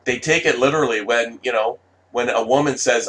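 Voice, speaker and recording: A man's voice: mid-range voice, a little fast, fairly bright tone, low-quality recording. A man delivering a rambling, profane ranting monologue as a vlogger, with many restarts.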